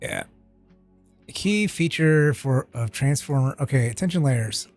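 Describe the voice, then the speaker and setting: A man's voice: mid-range voice, animated, measured pace, darkish tone, faint music behind. A man streaming, reading a technical tutorial aloud and breaking off for casual, profane asides. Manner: reads text aloud with casual asides and swearing.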